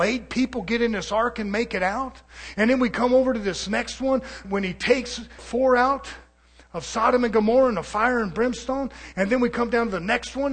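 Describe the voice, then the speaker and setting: A man preaching a fiery, confrontational sermon, swinging between muttered asides and shouting. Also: very high-pitched, breathy edge.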